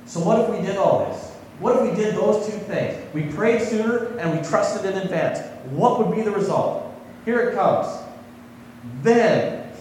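A man's voice: a little high, darkish tone, a little hiss or hum. Preacher man in a roomy echoing hall. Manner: conversational, asks the congregation questions. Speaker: pastor. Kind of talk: sermon. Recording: echoey hall, voice from far off.

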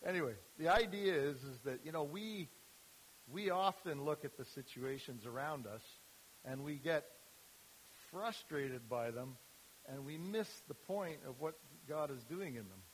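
A man's voice: on the high side, a little slow, a little hiss or hum, poor audio. Chatty man preaching an informal sermon. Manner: conversational, many fillers and restarts, laughs at own remarks. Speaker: youth ministry speaker.

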